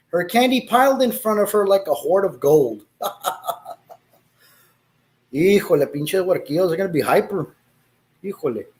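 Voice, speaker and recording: A man's voice: sits high, darkish tone. A man reading a story aloud, breaking off to laugh and make asides, with Spanish exclamations.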